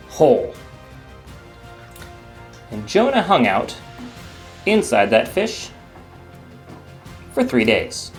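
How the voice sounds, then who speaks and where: Playful man telling a kids' Bible story. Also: medium pitch. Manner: playful, animated storytelling with silly voices. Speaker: children's ministry teacher.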